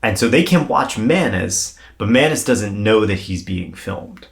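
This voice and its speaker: A man co-hosting a podcast, telling a paranormal story in a casual, animated way and swearing freely. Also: on the low side, measured pace, creaky. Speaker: podcast co-host.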